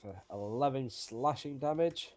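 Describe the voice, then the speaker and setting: A man's voice: medium pitch, lively intonation, a little slow, background noise. A man playing a tabletop game, thinking aloud about his turn and sometimes hesitating. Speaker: player.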